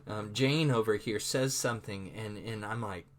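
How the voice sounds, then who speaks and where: A man's voice: lowish voice, moderate pace. A man giving a recorded online lecture, speaking conversationally with many repeated words and acting out his own thoughts.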